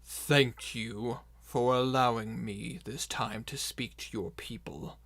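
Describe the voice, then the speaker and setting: A man's voice: medium pitch, fairly even intonation, slow, vocal fry, a bit bright, full character voice. A man voicing a formal male herald addressing a crowd in a tabletop game. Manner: formal, speechmaking delivery.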